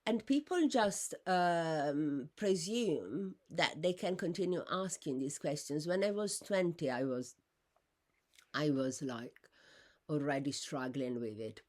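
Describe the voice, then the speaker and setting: Woman, deep-pitched, unscripted monologue; halting, self-correcting, flares upward when indignant. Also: a little mellow. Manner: rambling, with many fillers and restarts.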